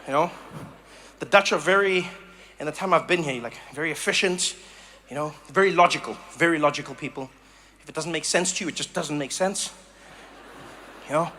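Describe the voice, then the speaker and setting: Animated stand-up comic. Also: male voice, on the high side, a little fast, long pauses, slight background noise. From South Africa. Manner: animated storytelling, slips into mock voices. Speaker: stand-up comedian. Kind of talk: stand-up comedy set.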